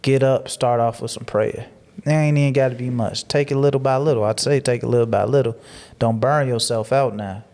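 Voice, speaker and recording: A man with a medium-pitched voice speaks fairly quickly as a guest on a casual podcast. Preachy and motivational in tone, he repeats phrases to drive points home and gets animated as he tells his stories.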